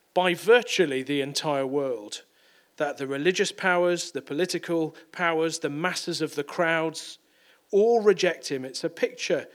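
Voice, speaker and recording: A man's voice: a little high, a bit bright. A man preaching a sermon in a conversational way, often repeating and correcting words.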